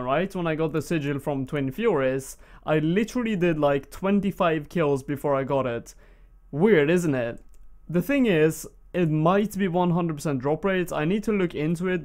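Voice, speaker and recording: A man's voice: a little high, lively intonation, normal speed, darkish tone. A young man with a Swedish accent, giving casual, rambling commentary over gameplay on his channel, with frequent fillers. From Sweden. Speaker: gaming YouTuber.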